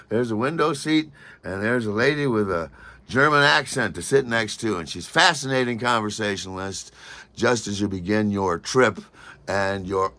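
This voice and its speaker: A man telling a personal story in a lively monologue, acting out other people's lines with sudden shouts and pitch jumps. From Michigan.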